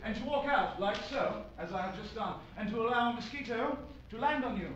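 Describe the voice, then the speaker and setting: A man's voice: very high-pitched, brisk, fairly bright tone, highs cut off, slight background noise. A man playing a pompous male public speaker on a comedy stage, delivering a grandiose, mock-formal address while switching between foreign accents. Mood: bombastic. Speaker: improv performer. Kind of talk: improvised comic monologue in shifting accents. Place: small comedy club stage. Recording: echoey comedy club, mic from far off, audience.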